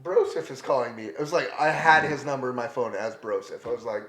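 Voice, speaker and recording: A man's voice: mid-range voice, quick pace, crowd noise. A man co-hosting a podcast, telling stories in casual chat and swearing freely. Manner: animated storyteller, swears a lot. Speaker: podcast co-host. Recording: echoey room with faint noise.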